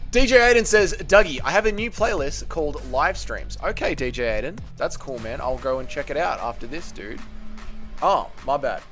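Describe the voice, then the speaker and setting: A man's voice: on the high side, a bit bright. An Australian man hosting a casual livestream, chatty and swearing, greeting viewers by name. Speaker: livestream host. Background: faint music playing.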